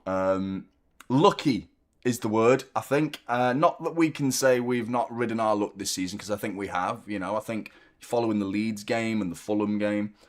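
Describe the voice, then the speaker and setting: A man casually chatting as host of a live football fan stream, self-mocking and reading out viewer messages. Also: fairly low pitch. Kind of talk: casual live watchalong chat.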